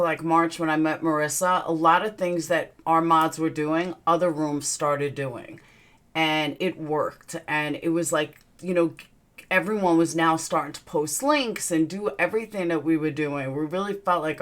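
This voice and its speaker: Southern gal hosting her stream, chatty and upbeat, kinda low voice. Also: normal speed. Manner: greets viewers by name in a lively upbeat way. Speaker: livestream host. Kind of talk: casual livestream chat.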